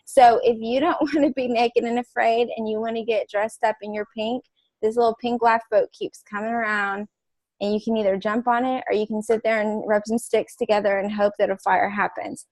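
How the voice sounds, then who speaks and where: An energetic woman giving a pep talk on a coaching call, with a middle-range voice. She is playful and emphatic and pushes her listeners hard. The sound is dry and close. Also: mid-range voice, moderate pace, no echo. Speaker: call host.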